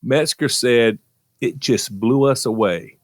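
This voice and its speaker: Slow-talking man radio host. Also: medium pitch, dry recording, studio quality. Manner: slow storytelling delivery. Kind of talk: casual radio chat.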